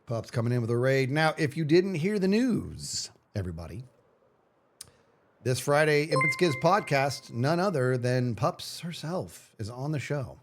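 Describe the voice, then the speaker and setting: A man's voice: mid-range voice, very animated, normal speed, few pauses, darkish tone, soft background music. A man streaming live, chatting casually with his viewers in a playful, self-mocking way. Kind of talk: casual livestream chat.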